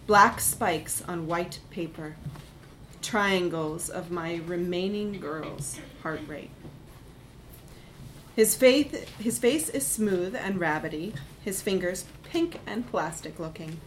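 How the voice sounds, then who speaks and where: A woman narrating a first-person literary story in a measured, reflective way. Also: on the low side, fairly bright tone, slight background noise, poor audio.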